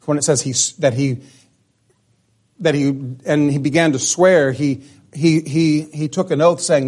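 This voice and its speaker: A man preaching a sermon, emphatic, sometimes dropping to a hush, and often restarting his words. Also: fairly high pitch, fairly even intonation, a little slow. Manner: emphatic, drops to a hush for dramatic lines.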